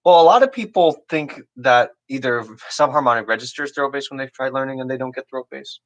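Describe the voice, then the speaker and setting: A young man casually explaining beatbox basses on a livestream, rambling with lots of "you know" and "like" and clearing his throat often. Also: a little fast, low-quality recording. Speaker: beatbox teacher.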